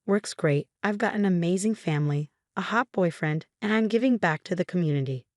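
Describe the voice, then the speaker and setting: A woman narrating a first-person drama story, reading every voice in one steady tone. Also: lowish voice, fairly quick, no room sound, clean studio sound.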